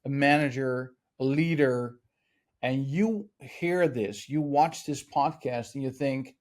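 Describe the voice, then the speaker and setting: A man's voice: mid-range voice, slow, darkish tone. A man hosting a podcast interview, asking conversational follow-up questions. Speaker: podcast host.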